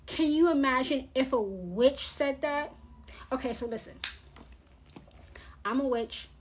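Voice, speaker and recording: A woman's voice: sits high, a little slow, slight background noise. A woman vlogger ranting in a blunt, profane, scolding monologue. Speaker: witch vlogger.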